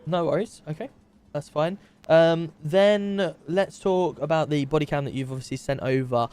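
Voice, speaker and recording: A man's voice: fairly high pitch, normal speed, a little mellow, clean tone, natural voice. A man playing a methodical male police interviewer in a game role-play, carefully recapping and double-checking each detail.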